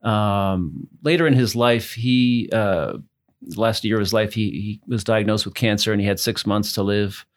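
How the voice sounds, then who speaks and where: A man from New England talks in a rambling, easygoing way as a guest at a bourbon tasting. His voice sits a little low, and he pauses often with fillers as he tells his stories. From New England, south of Boston. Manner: relaxed, rambling storyteller with fillers. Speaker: club founder, guest. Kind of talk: casual chat over bourbon tasting.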